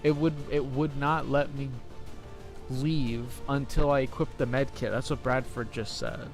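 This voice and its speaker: A man's voice: mid-range voice, steady tone, measured pace, faint music behind. A young man streaming a game into a desk mic, rambling and restarting his phrases as he chats casually. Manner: rambling, restarts phrases often, laughs at mishaps. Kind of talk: casual gameplay commentary.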